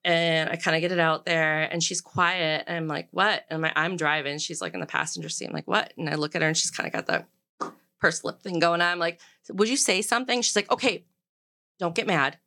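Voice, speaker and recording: Podcast guest: woman, 40s, lowish pitch with a bright edge, candid and animated storyteller. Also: brisk. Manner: candid storyteller, acts out quoted dialogue. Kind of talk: casual chat.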